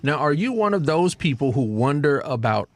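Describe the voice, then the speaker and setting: A man's voice: fairly high pitch, normal speed, dry recording. Upbeat guy doing a radio donation ask, bouncy voice, dry studio sound. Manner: playful, laughing, energetic. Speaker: radio station fundraiser announcer. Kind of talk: upbeat fundraising pitch.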